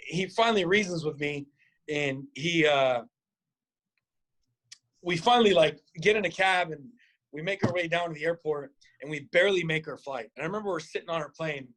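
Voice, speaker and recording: Animated storytelling man, higher-pitched. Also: normal speed. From Nebraska, USA. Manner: animated, acts out quotes with big pitch jumps, swears freely. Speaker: boxing coach, podcast guest. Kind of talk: casual storytelling.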